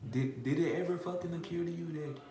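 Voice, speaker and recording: A man's voice: fairly high pitch, a little fast, mellow, reverberant, soft background music. A man vlogger in a profane comedic rant who fires off repeated rhetorical questions and curses constantly. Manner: repetitive, rhetorical questions, heavy cursing.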